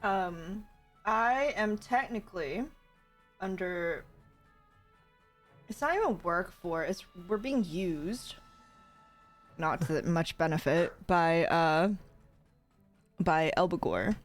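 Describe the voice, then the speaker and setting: A woman at a tabletop game talks in a playful, giggly way. She speaks slowly while her pitch moves around a lot. Faint music plays underneath. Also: lively intonation. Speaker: player. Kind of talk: casual tabletop play.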